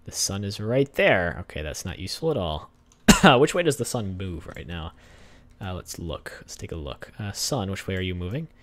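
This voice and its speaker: A man's voice: sits low, sing-song, normal speed, fairly bright tone, no echo. A young man hosting a gaming channel, giving casual gameplay commentary, chatting to the characters on screen and getting easily exasperated.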